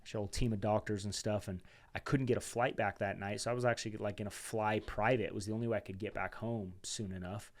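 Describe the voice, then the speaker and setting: A man with a slightly low voice speaks as a podcast guest. He tells a long personal story in easy, unscripted conversation and stays animated throughout. He calls the host "dude" and "man". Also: fast, few pauses. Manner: chatty and animated, says "dude" and "man", acts out quoted dialogue.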